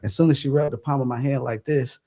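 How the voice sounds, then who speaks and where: Guy telling a wild story, laughing a lot, mid pitch, acting out the quotes. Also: fast talker. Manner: animated, laughing, acts out quotes. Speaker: podcast co-host. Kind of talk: casual storytelling.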